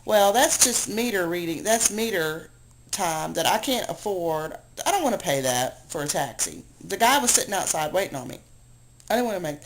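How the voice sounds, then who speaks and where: A woman at home, worn out and low after a long cry, venting to a camera she aims at herself in a rambling, self-deprecating, exasperated way. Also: expressive, normal speed, slight background noise, rough recording. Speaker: video blogger. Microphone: handheld camera she aims at herself.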